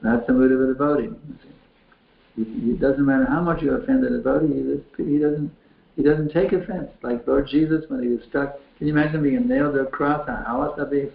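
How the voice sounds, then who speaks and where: With vocal fry in a medium-pitched voice, this male spiritual teacher takes questions typed into a chat window. He speaks folksily and repeats himself, often beginning phrases again. It's recorded over a tinny, phone-quality line in a room that echoes.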